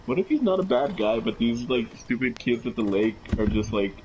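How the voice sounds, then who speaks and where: A man's voice: medium pitch, big pitch swings, brisk, darkish tone. A man co-hosting a podcast, musing in a laid-back way. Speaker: podcast co-host. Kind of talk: casual chat. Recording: dull lo-fi audio with noise.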